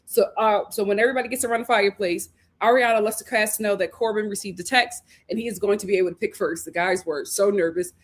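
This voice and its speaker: A woman's voice: mid-range voice, fast talker, hardly any pauses. A woman hosting a casual live recap of a reality show, talking animatedly and acting out the cast's lines. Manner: animated, acts out quotes, laughs often. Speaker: host reviewing a reality show.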